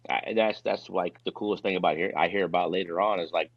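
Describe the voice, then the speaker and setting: A male podcast guest in casual chat, talking quickly and rambling, laughing easily. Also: deep voice, fairly even intonation, no room sound. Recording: dull, muffled sound.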